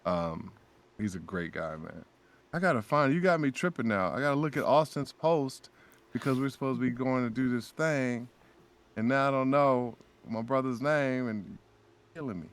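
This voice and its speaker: A man guesting on a casual podcast, telling lively stories and acting out what his friends said. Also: medium pitch, moderate pace. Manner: animated storyteller who acts out friends' lines. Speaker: guest voice actor.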